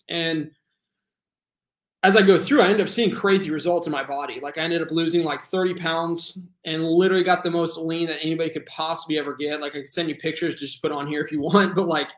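A man in his twenties, a guest telling his story in a casual, earnest way, full of fillers and animated retelling. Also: on the high side, reverberant. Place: home room.

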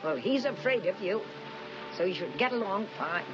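A gentle, devoted elderly wife, played by an older actress, speaks with real affection. Her voice moves in wide, lively swings. The recording is muffled film trailer audio with music underneath. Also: medium pitch, normal speed, close to an everyday voice. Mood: tender.

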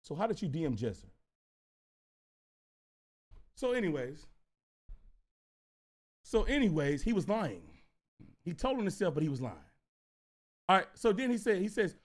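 A man telling a casual storytime, animated and profane, repeating himself as he goes. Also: high-pitched, normal speed, pauses often. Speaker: storyteller vlogger.

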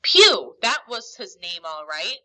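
A woman's voice: on the high side, big pitch swings, moderate pace, bright, forceful tone, exaggerated voice, rough recording. A woman voicing a tall, one-legged pirate innkeeper, jovial and sly, with hearty exclamations. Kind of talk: storybook read-aloud.

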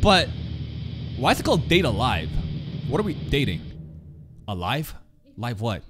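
Excitable man reacting to anime, lively. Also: measured pace, music in the background. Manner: excitable, swearing, jumps between loud outbursts and low mutters. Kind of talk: live reaction commentary.

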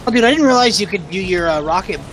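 A giggly, excitable player laughing and cheering with friends during a game. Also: medium pitch, fast talker, slight background noise, poor audio. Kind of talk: casual joking chat while gaming. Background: game music.

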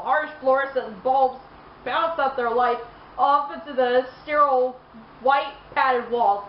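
Brief: woman gaming streamer, animated reader, high pitch, roomy lo-fi room with faint ambience. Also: slow pace, slight background noise. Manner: animated, laughs and exclaims. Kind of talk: reading game lore aloud with reactions.

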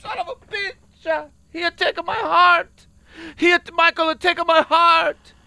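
A loud high-strung designer. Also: male voice, steady tone, measured pace, creaky, a little hiss or hum, heavily acted. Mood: heartbroken. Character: excitable man designer pitching a silly game. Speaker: game designer. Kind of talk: video game voice acting.

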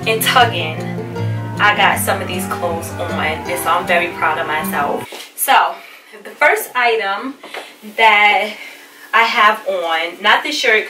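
A woman's voice: medium pitch, bright, forceful tone, far from the mic. Woman, casual haul vlog, chatty with fillers, a little out of breath, echoey room, faint music behind. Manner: chatty, candid, with many fillers and restarts. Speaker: fashion haul vlogger. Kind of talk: casual chat to camera. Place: busy room at home.

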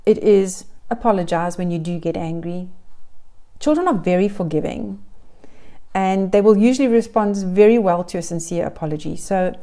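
Warm-toned and medium in pitch, this woman talks at a normal speed. She's a middle-aged parenting coach offering earnest, encouraging advice directly to camera, frequently repeating phrases as lists.

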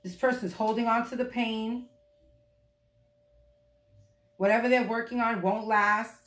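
A woman doing a casual tarot reading for her viewers, blunt, profane and animated. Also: fairly high pitch, unhurried. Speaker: tarot reader. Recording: echoey room.

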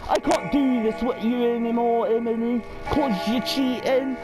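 A woman's voice: a little high, fairly even intonation, a little slow, over music, poor audio. A woman giving horror game commentary, exclaiming and complaining and tacking questioning tags onto her sentences. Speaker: gamer.

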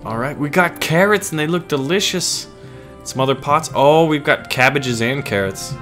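A man's voice: a little high, moderate pace, a bit bright, faint music behind. Playful scratchy-voiced man playing a game. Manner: playful, jokey, casual. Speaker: gaming channel host. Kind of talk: let's play commentary.

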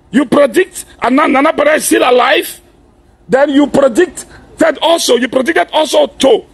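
A man, a pastor giving an impassioned warning address, forceful and repeatedly shouting and demanding that his listener hear him. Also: very high voice, gravelly.

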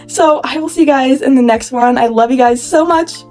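A woman in her twenties chatting excitedly in a casual haul vlog, gushing and saying "like" often. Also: high-pitched, normal speed, faint music behind. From California. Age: 20s. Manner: bubbly, gushing, chatty with many "like"s. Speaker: YouTuber reviewing toys.

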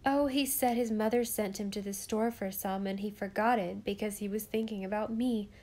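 A woman's voice: medium pitch, steady tone, normal speed, darkish tone, natural voice. A woman reading an audiobook, voicing a sensible, earnest young girl. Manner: earnest, sometimes indignant.

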